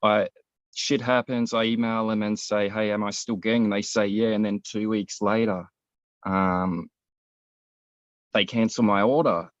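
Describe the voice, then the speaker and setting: A man's voice: lowish voice, steady tone, measured pace, no echo. A man, co-hosting a casual show and telling a long, rambling, profane story. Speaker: podcast co-host. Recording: dull, lo-fi, dry sound.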